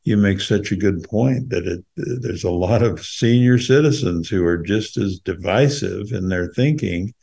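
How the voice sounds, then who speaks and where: A man's voice: on the low side, a little slow, gravelly, hardly any pauses, mellow, husky. A man co-hosting a podcast who talks earnestly about faith and reads poetry, often stopping to repeat words as he thinks. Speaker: podcast co-host. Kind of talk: earnest gospel discussion and poetry reading.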